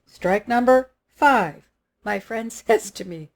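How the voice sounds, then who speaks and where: A woman telling a personal story in a lively way, acting out what she and others said. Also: fairly high pitch, slow. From Los Angeles area. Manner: animated, acts out her own quotes. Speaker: spiritual teacher.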